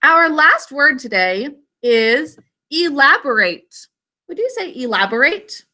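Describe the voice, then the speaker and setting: This high, sing-song voice with a sharp edge belongs to a woman leading a literacy class online by video call. She pronounces words deliberately, one syllable at a time.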